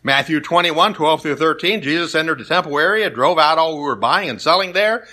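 A man's voice: fairly high pitch, brisk, bright, forceful tone. A man preaching a sermon, retelling stories and scripture in a plain, conversational way. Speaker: pastor.

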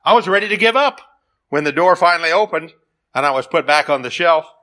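A man's voice: fairly high pitch, lively intonation, brisk, bright, forceful tone. A man voicing a suffering talking teacup in a spoken parable, with plaintive rising cries.

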